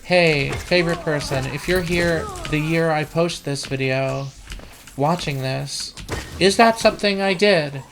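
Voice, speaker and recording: A woman's voice: low-pitched, measured pace. A woman hosting a let's play with live gameplay commentary, rambling, profane and self-mocking, practicing a trained feminine voice on a desk computer mic. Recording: keyboard clicks and room noise.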